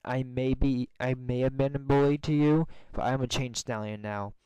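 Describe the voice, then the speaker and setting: A man reading a fan story aloud, voicing a flattering, defensive young male pony who used to be a bully. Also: medium pitch, moderate pace, clear, resonant tone, dry recording, highs cut off, lightly acted.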